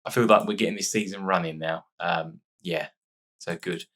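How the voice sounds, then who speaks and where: Casting note: low-voiced male let's-player, chatty and excitable, slightly stuffy from sneezing. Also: normal speed. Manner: chatty, excitable reacting to match play. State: sore nose after sneezing fit. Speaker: gaming YouTuber. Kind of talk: casual let's-play commentary.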